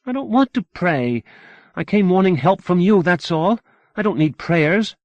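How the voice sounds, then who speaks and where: A man's voice: sits high, lively intonation, measured pace, no echo, highs cut off, voice pushed up. A man voicing an upset, earnest young woman in an audiobook, tearful and defiant.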